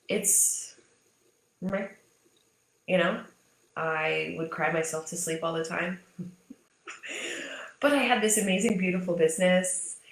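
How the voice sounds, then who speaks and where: A woman in her thirties coaching her audience in a frank, animated, unfiltered way, cursing casually and hammering points home. Her voice sits a little on the low side, and the room around her rings with echo. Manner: candid and animated, swears freely, emphatic repetition. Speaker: business mindset coach. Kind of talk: casual motivational talk to camera. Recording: echoey room.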